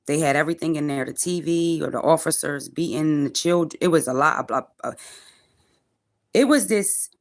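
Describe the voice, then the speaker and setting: A woman's voice: low-pitched, normal speed. A woman in her forties ranting on a livestream from her car, profane, defiant and preachy. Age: 40s. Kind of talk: angry livestream rant.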